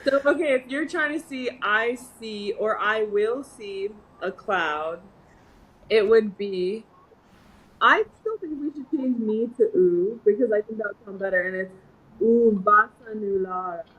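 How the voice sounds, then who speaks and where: A young woman co-hosting a casual chat, animated and giggly, trying out made-up words aloud. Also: medium pitch, measured pace, poor audio. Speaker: co-host.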